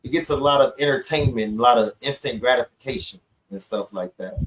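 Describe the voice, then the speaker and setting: A man's voice: mid-range voice, fairly quick, poor audio. Male co-host, 30s, mid-range voice, emphatic and joking, podcast banter. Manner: animated, emphatic, joking asides. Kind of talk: casual podcast chat.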